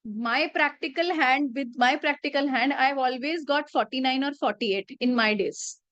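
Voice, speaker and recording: In a slightly muffled, dry recording, a late-thirties woman with an Indian accent tells classroom anecdotes as a teacher, chatty and slipping in Hindi phrases. Her voice is high and a bit bright, at a moderate pace.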